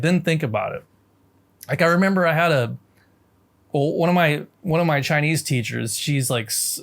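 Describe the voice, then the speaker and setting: An American man telling a story as a language lesson, reflective and casual, with many restarts and fillers. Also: medium pitch. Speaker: language teacher.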